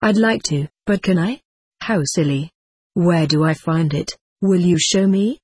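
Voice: mid-range voice, unhurried, a little mellow, slightly rough, no room sound, studio quality. Reader voicing a weary entranced woman. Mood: strained. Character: woman in a trance, tired and pressed. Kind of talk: audiobook reading of quoted speech.

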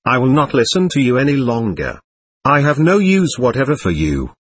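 A man reading a husky, defiant angry spirit. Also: mid-range voice, big pitch swings, normal speed, no room sound. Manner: defiant, threatening, scornful. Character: angry stubborn male spirit, boastful and hostile. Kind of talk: reading a séance transcript aloud.

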